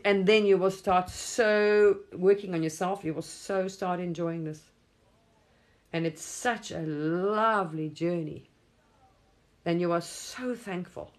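A woman hosting a spiritual livestream, talking in a rambling, effusive way, often laughing and casually swearing. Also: on the low side.

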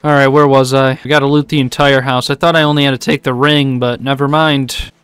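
A man giving live commentary on a video game, excitable, often yelling at what happens on screen. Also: mid-range voice, fairly quick, smooth, dry recording. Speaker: gaming YouTuber.

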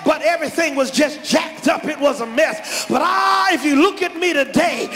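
A male pastor preaching a sermon, shouting in rhythmic repeated refrains and calling on the congregation to respond. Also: extremely high pitch, moderate pace, creaky. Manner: shouted, fervent preaching with exclamations. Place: large church sanctuary. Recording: live church hall with music and congregation behind.

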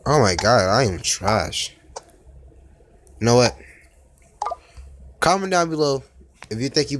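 A man's voice: medium pitch, background noise. A man doing casual mobile gameplay commentary, exclaiming and groaning at each try. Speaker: gaming YouTuber. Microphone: phone.

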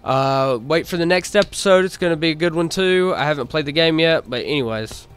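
Man, slightly high voice, casual play-by-play, mock sportscaster, gaming commentary. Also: fairly quick, smooth. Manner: mock sportscaster calling plays, relaxed with fillers. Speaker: video game commentator.

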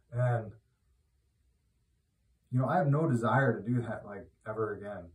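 A man giving an informal, conversational sermon who grows loud and emphatic when he exhorts. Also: lowish voice, moderate pace. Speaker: preacher. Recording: roomy echo, mic at a distance.

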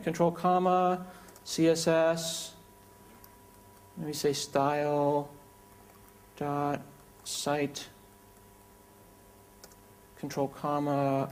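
A man delivering a conference keynote with a live software demo, talking in a loose, joking, conversational way. His voice sits a little on the higher side for a man. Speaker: keynote speaker.

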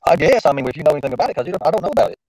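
A man's voice: fairly high pitch, big pitch swings, racing, a little mellow, no room sound, rough recording. A man hosting a casual live stream, rambling and informal, often talking to himself as he works the screen. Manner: rambling, talks to himself while fiddling with the stream; informal, slangy. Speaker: livestream host.

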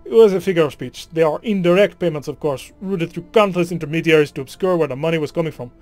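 A man's voice: on the high side, fast talker, darkish tone, no echo, faint music behind, lightly acted. A man voicing a chatty, proud female ship engineer in a game, putting on an accent that he admits he cannot do. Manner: attempted accent, awkward.

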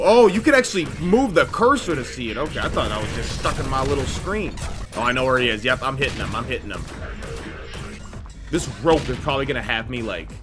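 A young man giving casual, slangy let's-play commentary, breaking into loud excited outbursts and repeating phrases. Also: medium pitch. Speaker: gaming YouTuber. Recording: game music playing behind voice. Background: game music.

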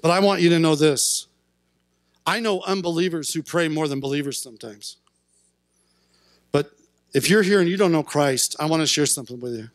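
A male pastor preaching a sermon in church, speaking earnestly and building to impassioned shouts at his peaks. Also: fairly high pitch, normal speed, long pauses, no room sound. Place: church sanctuary.

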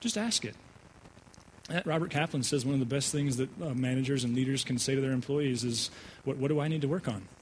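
A male pastor preaching a sermon, telling a personal story with animated delivery and frequent stammered restarts. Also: mid-range voice, a little fast, slight background noise, rough recording. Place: church sanctuary.

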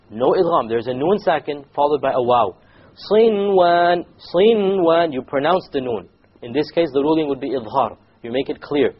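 Male teacher, husky and fairly high, patient recitation lesson, muffled lo-fi sound. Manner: patient, repetitive, quizzes the class; slowly demonstrates recited words.

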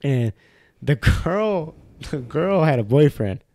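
Young male podcast co-host, lively storyteller, slightly high voice, dry close sound. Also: takes it slowly, no room sound. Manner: animated storyteller, acts out quotes in high voices, swears a lot. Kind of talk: casual storytelling chat.

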